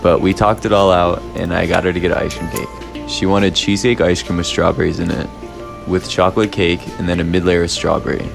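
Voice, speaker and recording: A man telling a work story in a flat, matter-of-fact way. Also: deep voice, brisk, creaky. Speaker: ice cream shop worker. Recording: music playing behind.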